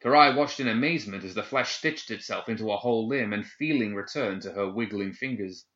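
A man narrating a dark fantasy story in a measured, dramatic reading. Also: fairly low pitch, roomy sound. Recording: dull lo-fi recording.

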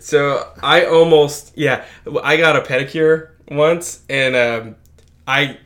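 A man's voice: mid-range voice, fairly bright tone. Rambling male podcast co-host. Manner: rambling, many fillers and restarts. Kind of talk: casual chat.

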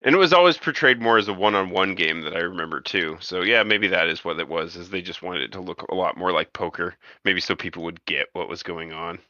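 A man with a fairly low, very bright voice talks through a casual film discussion, opinionated and often tripping over his words. The recording is dry and dull, with a lo-fi edge. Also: fairly quick, few pauses, no echo. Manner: hesitant, repeats words, opinionated. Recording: dull lo-fi sound.

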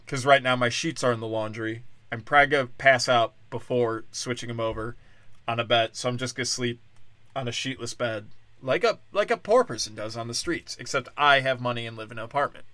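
A drunk man hosting a solo comedy podcast, rambling crudely and swinging between loud outbursts and low mutters. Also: fairly quick, no room sound. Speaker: podcast host.

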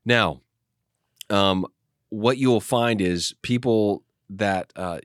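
A man, a pastor, explaining Bible passages in an animated teaching discussion, often restarting his sentences. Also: on the low side, slow, no echo, studio quality.

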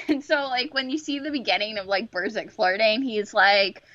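A woman's voice: a little high, lively intonation, fairly quick, fairly bright tone. A young woman co-hosting a fan podcast, upbeat and giggly, rambling as she chats. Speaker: podcast co-host. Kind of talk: casual fan podcast chat. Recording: dull, dry lo-fi mic.

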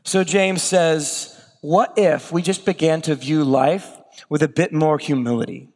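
High-voiced male preacher in a reverberant hall. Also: steady tone, a little slow, a little mellow. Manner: conversational preaching with acted asides. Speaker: pastor. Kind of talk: sermon.

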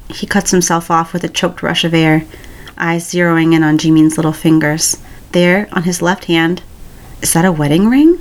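A woman reading a romance story aloud in a calm, even storytelling voice. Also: low-pitched, normal speed. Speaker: story reader. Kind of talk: reading fan fiction aloud.

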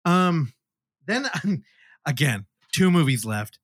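A man co-hosting a podcast, chatting casually about horror films, animated and swearing freely. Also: a little high, takes it slowly, dry recording, clean studio sound. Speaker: podcast co-host.

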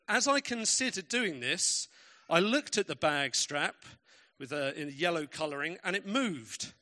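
A man preaching a sermon in a bright, ringing voice that sits a little higher than most men's. He tells stories with emphatic, varied pacing. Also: lively intonation, normal speed.

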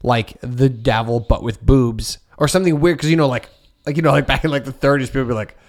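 A man co-hosting a podcast, rambling through ideas with lots of filler words. He keeps acting out made-up conversations in a relaxed, joking way. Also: mid-range voice, quick pace. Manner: rambling, full of "like" and "dude", quotes imagined people. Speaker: podcast co-host. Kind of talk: casual chat.

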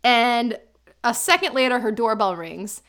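A woman in her thirties, an animated storyteller casually recapping a drama as a podcast co-host. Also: a little high, a little slow.

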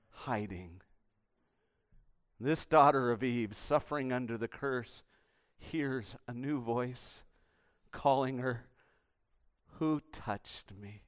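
A man, a pastor, preaches a sermon animatedly, swinging between emphatic bursts and hushed, intimate appeals. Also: mid-range voice.

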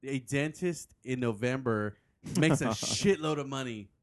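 A man's voice: mid-range voice, measured pace. A man wisecracking among friends on a casual podcast, making exaggerated jokes during a quiz.

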